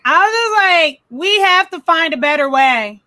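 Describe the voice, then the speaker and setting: A woman's voice: extremely high pitch, animated, normal speed, sharp tone, no echo. A woman co-hosting a podcast, chatting casually and emphatically about a movie. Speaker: podcast co-host. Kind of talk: casual movie review chat.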